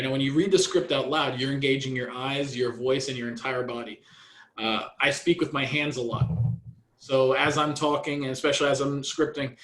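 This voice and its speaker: A man coaching real estate agents in a training session, energetic and repetitive. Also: mid-range voice, roomy sound, low-quality recording.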